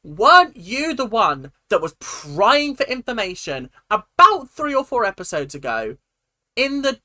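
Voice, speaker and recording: Youtuber ranting at a tv show, bright voice swinging all over, dry close sound. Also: mid-range voice, sing-song, a little slow, dry recording. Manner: indignant, heated ranting. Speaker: reaction video host. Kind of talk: ranting reaction commentary.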